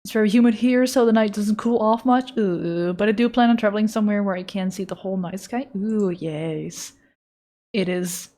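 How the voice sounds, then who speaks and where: A woman's voice: mid-range voice, normal speed, dark tone. A woman from the Netherlands chatting casually with her live-stream audience while she draws, playful and joking, swearing freely.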